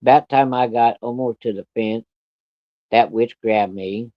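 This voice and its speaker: A man's voice: mid-range voice, steady tone, measured pace, dry recording, lo-fi sound. A man telling a personal story in a casual, plainspoken way, with plenty of profanity. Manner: plainspoken, profane, vivid retelling.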